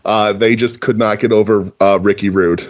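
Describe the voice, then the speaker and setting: A man's voice: lowish voice, steady tone, moderate pace, lo-fi sound. A man guesting on a podcast, casually telling a family anecdote. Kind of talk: casual chat.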